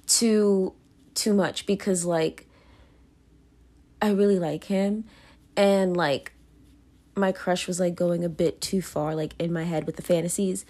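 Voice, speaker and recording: A woman's voice: on the low side, fairly even intonation, takes it slowly, long pauses, mellow. A young woman hosting her own podcast, talking through her feelings in a rambling, self-conscious way full of fillers and restarts. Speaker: podcast host. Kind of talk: casual confessional monologue.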